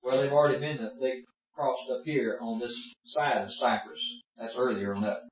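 A man's voice: medium pitch, moderate pace. Man teaching a Bible class in an echoey room. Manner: folksy, explanatory, asks the class questions. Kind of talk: informal Bible study lesson. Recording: echoey room, distant muffled mic.

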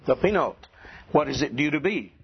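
A man teaching a classroom lesson, asking his students questions and clearing his throat now and then. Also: a little high, lively intonation, moderate pace. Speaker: Greek teacher. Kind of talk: classroom lecture. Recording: dull lo-fi classroom recording.

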